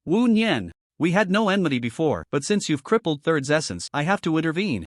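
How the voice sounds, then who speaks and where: A man voicing a stern, measured male skeleton boss in a story recap. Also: a little high, sing-song, dry recording, clean studio sound.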